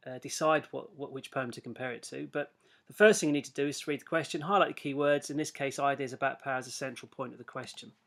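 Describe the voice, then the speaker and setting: A man's voice: a little high, fairly bright tone. A man teaching a recorded literature lesson, chatty, with self-deprecating asides and frequent fillers and restarts.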